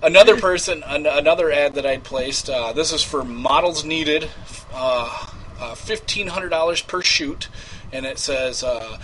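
A man's voice: a little high, measured pace, a bit bright, a little hiss or hum, low-quality recording. A man hosting a homemade prank call show, chatting casually, rambling and laughing as he reads out his ads. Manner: rambling, laughs often, trails off into mumbling. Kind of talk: casual live show chat.

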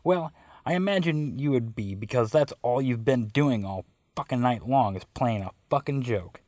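A man's voice: mid-range voice, animated, normal speed, a little mellow, no echo, natural voice. A man voicing an angry, profane middle-aged man on the phone, blustering threats.

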